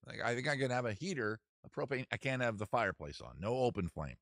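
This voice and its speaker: A man's voice: medium pitch, expressive, brisk, gravelly, few pauses, a bit bright, dry recording. Wry, rambling man in a dry backyard. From Maryland. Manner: rambling, wry, self-deprecating. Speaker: comedy advice show host. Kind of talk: casual live-stream chat. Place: backyard outdoors next to a heater.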